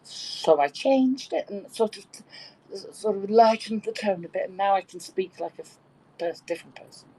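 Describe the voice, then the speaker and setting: A woman's voice: medium pitch, animated, normal speed, a little mellow, husky, poor audio. A woman in her sixties from Birkenhead with a London-tinged English accent, chatting casually and telling bawdy stories with easy laughter. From Birkenhead, England. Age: 60s. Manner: bawdy, chatty storyteller who laughs easily. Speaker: participant in a live audio chat room. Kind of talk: casual chat.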